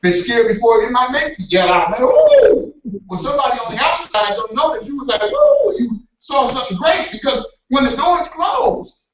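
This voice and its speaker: Brief: high-pitched male preacher, animated, acts out voices and shouts, AAVE, recorded from afar in an echoey church hall with dull sound. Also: brisk, few pauses, recorded from a distance. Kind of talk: motivational sermon.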